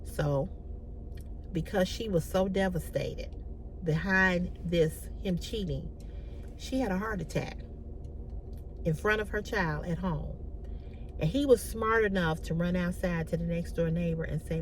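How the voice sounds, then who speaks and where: A woman vlogger telling a personal story in an animated, emphatic way, repeating her key lines. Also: on the low side, unhurried, a little hiss or hum.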